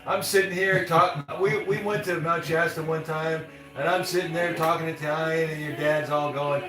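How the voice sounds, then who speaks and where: A man's voice: on the high side, steady tone, fairly quick, distant mic. A man co-hosting a casual live stream, playful and laughing, slipping into Italian phrases as he tells stories. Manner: playful, laughing storyteller who drops into Italian. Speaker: co-host, friend. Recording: roomy echo, a bit off mic, music behind.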